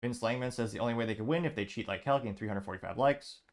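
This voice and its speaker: Racing along in a mid-range voice, a male host reads social media posts out loud on his show and adds wry asides.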